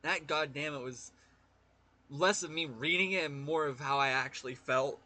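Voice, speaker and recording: A man's voice: a little high, moderate pace, pushed and bright. A man giving emotional let's play commentary, reacting openly and swearing freely as he plays. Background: game music.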